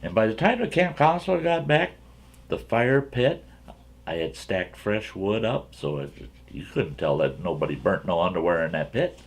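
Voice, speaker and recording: A folksy male storyteller with a gravelly, fry-heavy voice that sits fairly low. He rambles through a yarn and chuckles along the way, talking to his viewers like old friends. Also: animated, moderate pace. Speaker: storyteller, channel host.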